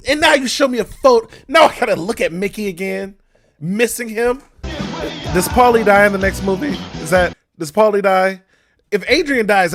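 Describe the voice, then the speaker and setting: A man's voice: sits high, a bit bright. A young man hosting a movie reaction video, talking to his viewers in casual commentary, exasperated and swearing often.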